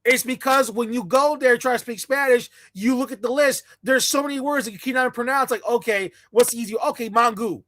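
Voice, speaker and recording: Scornful bright-voiced woman ranting. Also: a little high, fairly quick, few pauses, no room sound. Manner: scornful, blunt, mocking. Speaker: commentator. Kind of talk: ranting commentary.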